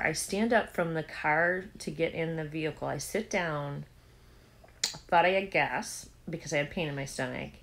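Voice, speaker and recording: A woman with a low voice chats casually to her camera, telling a personal story. She rambles along with fillers and little restarts, acting out what others said to her. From Southern United States. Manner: chatty, storytelling with quoted dialogue and fillers. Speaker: vlogger. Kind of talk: casual chat.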